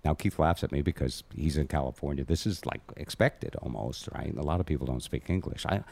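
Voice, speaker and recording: A man's voice: very deep voice, a little fast, vocal fry, darkish tone. A man hosting a casual podcast chat, telling a long rambling story and poking fun at himself. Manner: rambling, self-mocking storyteller. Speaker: host.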